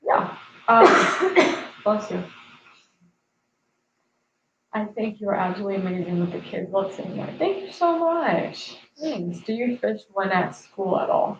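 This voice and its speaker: A woman's voice: medium pitch, expressive, moderate pace, vocal fry, a bit bright, a little hiss or hum. Chatty young woman on an echoey live stream. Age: 20s. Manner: chatty, laughs at her own jokes. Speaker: fishing channel host. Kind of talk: casual live-stream chat reading viewer comments. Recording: echoey, slightly dull live-stream audio.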